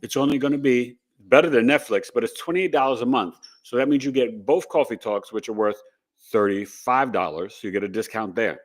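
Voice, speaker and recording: A man's voice: medium pitch, brisk. A middle-aged man hosting an astrology livestream, chatting casually in a rambling, upbeat way with asides to his viewers. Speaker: astrology podcast host.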